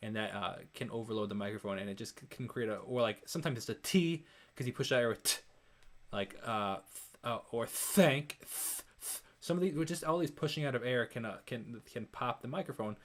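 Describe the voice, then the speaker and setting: A young man talks through recording tricks in a loose, conversational way. His voice sits at an ordinary middle pitch. He trails off, restarts and imitates sounds to make his point. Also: fairly quick. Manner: rambling, self-correcting, demonstrates sounds aloud. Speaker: music reaction host. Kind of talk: casual explanatory commentary.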